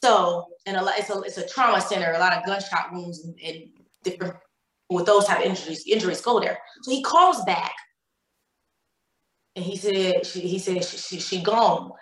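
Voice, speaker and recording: A woman's voice: on the low side, normal speed, fairly bright tone. Woman telling an emotional story, echoey room. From Cleveland, Ohio. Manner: emotional retelling with many repeated words and quoted dialogue. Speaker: guest. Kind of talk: personal storytelling in a podcast interview.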